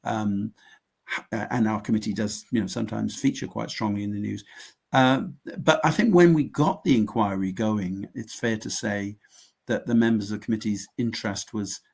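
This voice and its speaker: A middle-aged man from the United Kingdom, a member of parliament, explaining committee work in a measured conversational way with some restarts. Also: on the low side, vocal fry, a little mellow, slightly rough. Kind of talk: conversational interview answers.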